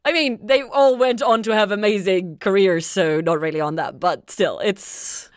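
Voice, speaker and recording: A woman's voice: medium pitch, normal speed, no room sound. Woman cohosting a podcast, chatty and giggly, going through her notes, medium voice, dead dry mic. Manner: chatty, laughs often, reads out notes. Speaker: podcast co-host. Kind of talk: casual chat.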